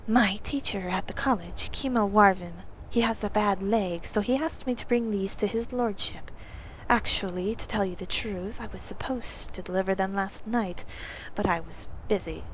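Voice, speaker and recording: A woman voicing a young female lizard-folk courier who speaks quietly and candidly. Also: medium pitch, moderate pace, slight background noise, close to an everyday voice, poor audio.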